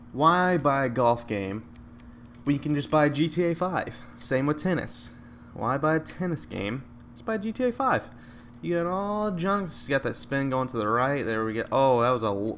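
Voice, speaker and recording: A man giving live, joking commentary over a video game, with excited outbursts at each shot. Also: mid-range voice, slight background noise. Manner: excitable, joking, bursts out at shots. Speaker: gameplay commentator.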